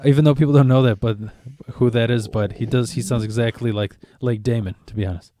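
A man's voice: medium pitch, fairly even intonation, fast, mellow, no room sound. A young man co-hosting a casual podcast, rambling with many restarts as he jumps between topics. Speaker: podcast co-host. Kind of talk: casual banter.

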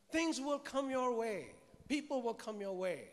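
A man preaching a sermon to a live congregation, lively and humorous, often asking the people questions. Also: very high voice, measured pace, hardly any pauses. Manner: lively, asks the congregation questions, mixes humour with scripture. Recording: long reverb of a large hall.

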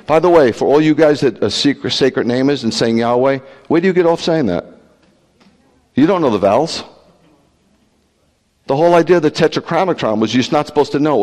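A man preaching as a rabbi, blunt and animated, peppering the congregation with rhetorical questions and teasing jabs. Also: medium pitch, a little fast. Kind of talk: livestreamed sermon. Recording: long hall reverb.

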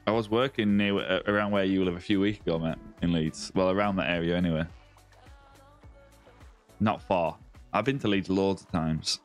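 Chatty low-voiced Lancashire man streaming. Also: fairly even intonation, moderate pace, faint music behind. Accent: Lancashire English. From northwest England, Lancashire near Yorkshire. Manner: chatty, jokey banter, greets viewers by name. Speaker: game streamer. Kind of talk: live gameplay stream, chatting with viewers.

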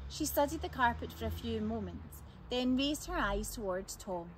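A woman reading a children's chapter book aloud as storyteller, in a calm, clear way. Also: on the high side, moderate pace, a little hiss or hum, poor audio.

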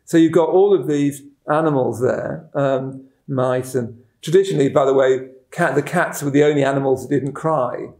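A middle-aged man, a Buddhist teacher telling a story in a dharma talk, halting and repeating words, chuckling at his own stories. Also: medium pitch, darkish tone. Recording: roomy echoing room.

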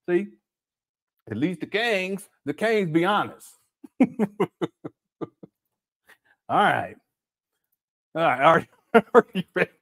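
A man with a slightly high voice hosts a laid-back livestream, reading chat messages aloud, laughing often, and tossing out slang while calling his viewers family.

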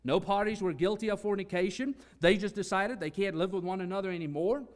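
A man's voice: high voice, fast. A man preaching a sermon, earnest and emphatic, teaching with repeated phrases.

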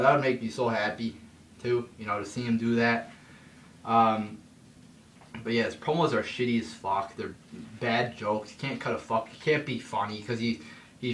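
A young man vlogs a casual rant in a voice on the low side, a bit bright, with fairly even intonation and a moderate pace. He swears often, rambles through fillers and restarts, gets heated, and jumps his voice up to mock. There's faint background noise in an echoey room, and he's somewhat far from the mic.

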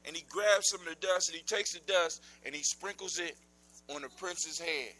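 Narrador de voz aguda y brillante. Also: male voice, sits high, moderate pace, poor audio. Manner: lively, animated, with sound effects and shouted outbursts. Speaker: storyteller. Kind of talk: live oral storytelling to children.

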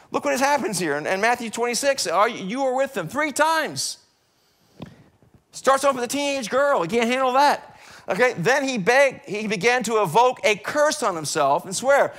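Middle-aged american pastor preaching, high bright voice, gets loud then goes real quiet. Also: male voice. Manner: animated, swings from loud to hushed. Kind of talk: sermon. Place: church sanctuary.

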